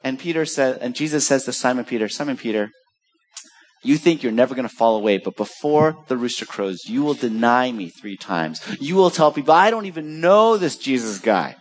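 A man preaching a sermon, telling a story with lively acted-out quotes. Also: mid-range voice, brisk. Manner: animated storytelling, acts out quoted voices. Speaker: pastor.

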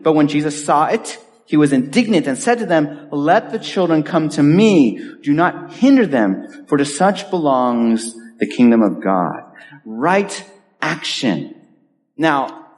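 Man preaching a sermon in a reverberant hall. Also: a little high. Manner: earnest, conversational preaching with pauses and restarts. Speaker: pastor.

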